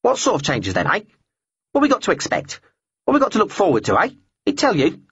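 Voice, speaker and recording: A man voicing a grumbling, croaking black bird that asks blunt, clipped questions, in a dull lo-fi recording. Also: high-pitched, huge pitch swings, a little fast, a bit bright, dry recording, pitched above the performer's own voice, exaggerated voice. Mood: nosy, grumbling.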